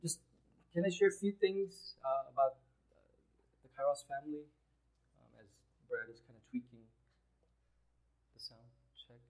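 A man's voice: a little high, lively intonation, normal speed, long pauses, a little mellow, rough recording. A man preaching a conversational sermon as pastor, chatty with frequent restarts.

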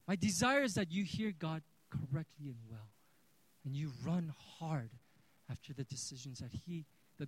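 Pastor, male, 30s, sermon with story, voice slightly high, dynamic from quiet to loud. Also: husky, no room sound, poor audio. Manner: storytelling, swings between hushed and loud.

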